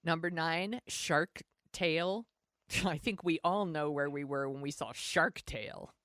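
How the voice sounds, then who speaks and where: A woman's voice: low-pitched, a little slow, fairly bright tone, no room sound, studio quality. A woman in her forties co-hosting a podcast, chatting casually with lots of fillers and self-mocking humor. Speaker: podcast co-host. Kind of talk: casual chat.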